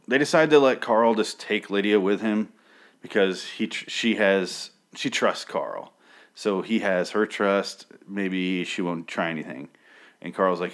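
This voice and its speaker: A man casually recapping a story, rambling with crude jokes and sarcastic asides. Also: sits low. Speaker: comic book recap host.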